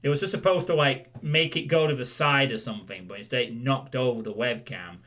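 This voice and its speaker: A man's voice: medium pitch, a little fast, fairly bright tone. A man hosting his stream, rambling casually and joking as he recaps past events for viewers. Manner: rambling, self-correcting, jokey. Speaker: streamer host.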